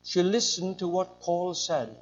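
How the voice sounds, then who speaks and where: An older man preaching a sermon, his voice sitting a little high for a man. He drives his points home with emphatic swings up and down. The recording sounds dull and lo-fi. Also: fairly even intonation, unhurried. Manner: emphatic, rising and falling.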